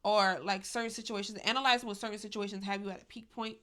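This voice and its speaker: A young woman speaks straight to her viewers in a casual, confessional vlog. She talks candidly and with emphasis, leaning on "y'all" and "like" as she goes, in a voice of middling pitch. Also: steady tone, quick pace, a bit bright. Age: young adult. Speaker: vlogger.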